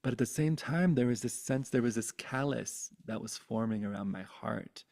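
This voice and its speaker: A man in his thirties telling his life story with candid, animated feeling, swearing freely and often restarting his sentences. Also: mid-range voice, moderate pace, vocal fry.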